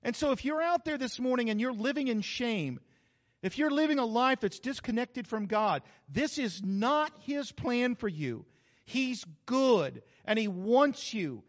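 A man's voice: very high-pitched, expressive, unhurried, no room sound, dull audio. A man preaching a sermon in a folksy, joking way. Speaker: pastor.

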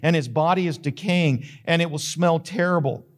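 A man's voice: fairly high pitch, normal speed, close to an everyday voice. A man voicing an earnest, pleading grieving woman.

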